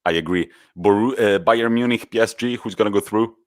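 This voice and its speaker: A man co-hosts a football podcast in a casual, enthusiastic way. His voice sits on the low side. The sound is dry and close, with no room around it. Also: brisk, no echo. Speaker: podcast co-host.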